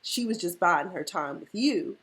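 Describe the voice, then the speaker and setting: A woman's voice: on the low side, lively intonation, normal speed, a bit bright. A woman giving casual, profane commentary on a reality TV episode, emphatic and outspoken.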